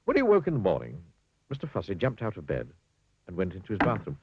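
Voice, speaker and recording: A man's voice: low voice, wildly swooping pitch, quick pace, slightly rough, dry recording. A man reading a children's story in a dry, wry storybook manner. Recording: dull lo-fi dry recording.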